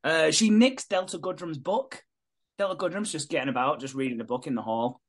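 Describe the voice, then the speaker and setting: A man's voice: fairly high pitch, fairly quick, slightly rough. A man hosting a podcast, casually recapping a TV episode and acting out the characters' lines with plenty of swearing. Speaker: podcast host.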